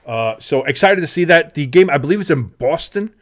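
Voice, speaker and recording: A man's voice: on the high side, animated, fairly quick. A man co-hosting a casual sports podcast, rambling and swearing freely with lots of fillers. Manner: profane, rambling, heavy fillers. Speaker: podcast co-host.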